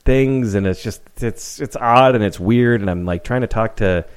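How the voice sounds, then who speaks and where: Low-voiced man joking dryly on a podcast. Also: moderate pace, clear, resonant tone. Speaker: podcast co-host. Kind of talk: casual chat.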